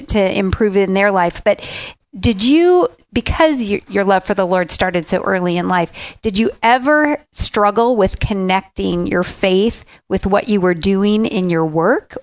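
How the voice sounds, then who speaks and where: A woman's voice: mid-range voice, no room sound. Playful female podcast co-host. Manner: playful, teasing. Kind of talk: conversational podcast interview.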